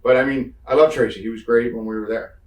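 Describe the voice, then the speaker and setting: A man's voice: medium pitch, fast talker, recorded from a distance. A man from the Northeastern United States, a guest in an interview, telling road stories casually, acting out quotes and swearing freely. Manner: animated storyteller, acts out quotes, swears freely. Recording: roomy sound from off-mic.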